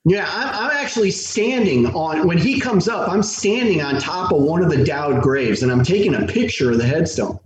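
High, lively man, echoey and distant. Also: normal speed, hardly any pauses. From United States. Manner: animated, repeats words when starting sentences. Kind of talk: casual storytelling chat. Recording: echoey room, distant mic, faint hiss.

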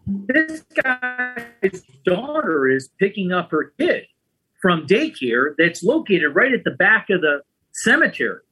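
Man host, husky and bright, chatty storyteller with a lively, swinging delivery. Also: high-pitched, slow, faint music behind. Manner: lively, chatty, often adds "right?" and "man". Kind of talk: casual storytelling chat.

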